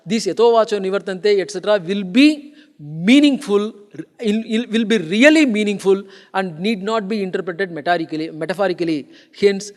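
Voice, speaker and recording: High-voiced man lecturing in a reverberant hall. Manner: explanatory, emphatic, repeats and restarts phrases. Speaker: lecturer on philosophy. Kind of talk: conference lecture. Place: conference hall.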